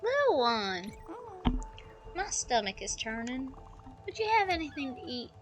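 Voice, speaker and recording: A woman reading the lines of a kind, homely elderly woman spirit in a video game, in a soft and polite manner. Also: sits high, big pitch swings, measured pace, music in the background. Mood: gentle.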